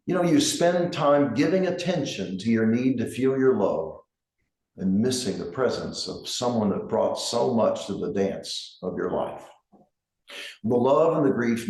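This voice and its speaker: Middle-aged guy, grief counselor talk, low soft voice, roomy echo around him. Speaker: grief counselor and center director. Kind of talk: reflective talk to camera.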